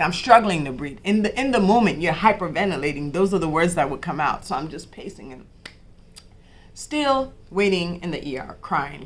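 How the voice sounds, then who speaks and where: Podcast host, young woman, low-pitched, emphatic, personal storytelling. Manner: animated, quotes others in dialogue, repeats herself.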